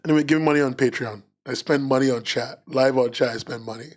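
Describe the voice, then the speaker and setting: A man's voice: medium pitch, fairly quick. A man co-hosting a livestreamed podcast in casual chat, rambling with lots of fillers and restarts. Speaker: podcast co-host.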